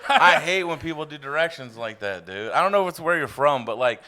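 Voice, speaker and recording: Guy from virginia riffing on a comedy podcast, lively pitch, swears a lot. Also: brisk. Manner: animated, joking, swearing. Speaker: podcast co-host. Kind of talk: casual comedic chat.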